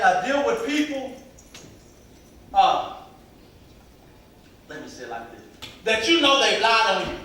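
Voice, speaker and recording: A high, bright-voiced man preaches to young people in a loose, conversational way, acting out the voices of people in his stories. He is heard from some distance in a very echoey hall, with faint noise underneath. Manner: conversational preaching, acts out quotes. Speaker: youth pastor. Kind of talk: preaching to youth.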